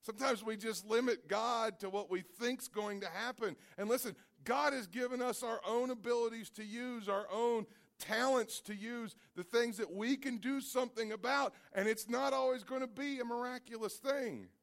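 A man preaching a sermon, telling stories and acting out their characters with loud, high-pitched cries, often repeating and restarting his words. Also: normal speed, vocal fry.

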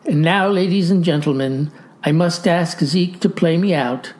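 A woman's voice: on the low side, a little slow, a little mellow. A woman host reading a satirical storybook aloud with mock earnestness.

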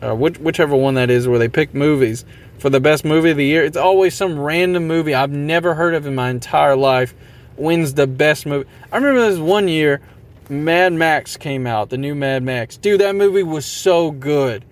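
A man's voice: on the high side, normal speed. A man hosting a podcast, talking casually and motivationally, rambling a bit and poking fun at himself while repeating his catchphrases. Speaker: podcast host.

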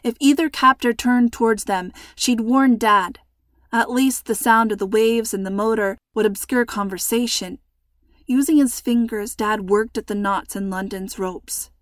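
A woman's voice: on the high side, dry recording, clean studio sound. Woman narrating a suspenseful storybook. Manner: measured, suspenseful reading.

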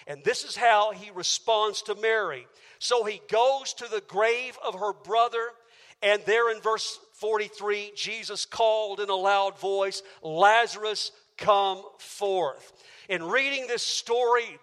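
High bright-voiced preacher in a reverberant hall. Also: male voice, a little slow. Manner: emphatic, builds with rhetorical questions. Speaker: pastor. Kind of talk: sermon. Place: church auditorium.

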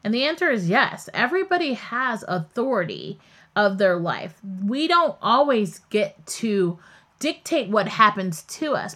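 A woman hosts a podcast and tells a story in a candid, chatty way, stopping to wander off on tangents. Her voice sits at a middle pitch and rises and falls a lot. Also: fairly bright tone. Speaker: podcast host. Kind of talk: casual storytelling.

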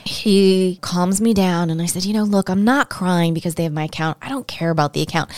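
Podcast host, woman, lowish voice, dry close sound, candid and emotional storytelling. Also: steady tone, fairly quick, darkish tone, no echo. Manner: candid, emotional, chatty with listeners. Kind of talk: personal storytelling monologue.

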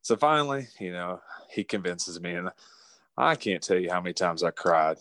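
A man from West Virginia, telling a hunting story in an animated, folksy way with frequent laughs. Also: sits low, moderate pace, no room sound. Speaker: guest. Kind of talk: casual storytelling.

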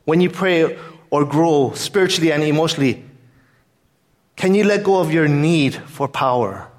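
Pastor guy preaching, earnest and chatty, voice sits a little high. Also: normal speed. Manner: earnest, conversational preaching mixed with a personal story. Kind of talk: sermon.

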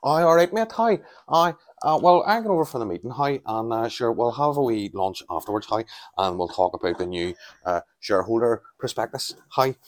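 A man's voice: lively intonation, a little fast, close to an everyday voice. A man voicing a pompous Northern Irish businessman who tacks "hi" onto every sentence, with a Northern Irish accent. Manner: high-pitched, pompous. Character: blustering Northern Irish businessman faking big-deal talk.

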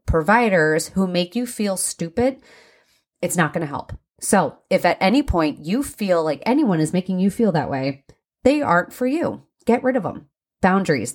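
Young adult woman, podcast host, lowish voice; earnest, blunt, unscripted parenting tips. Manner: earnest, frank, blunt, with swearing and restarts. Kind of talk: casual advice monologue.

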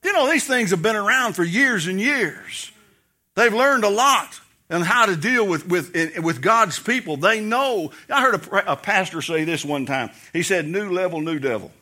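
A man's voice: sits high, expressive, unhurried, pushed and bright. A man preaching a sermon as pastor, telling stories and acting out voices in the quotes. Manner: storytelling preacher, acts out quotes, laughs.

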